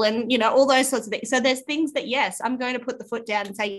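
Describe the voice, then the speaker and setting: An Australian woman in her thirties chats on a podcast in a fairly high voice. She tells stories with animation and jumps into her children's whiny voices as she goes. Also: steady tone, fast talker, few pauses. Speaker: podcast co-host. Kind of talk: casual chat.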